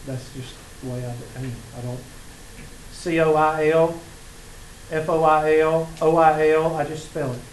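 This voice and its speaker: A man's voice: a little high, little pitch movement, a little slow. A man with a Southern US accent teaching a college math class, chatting and telling sarcastic stories to his students. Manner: joking, sarcastic storytelling to students. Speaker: math instructor. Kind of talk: casual classroom lecture. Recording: echoey classroom with faint room noise.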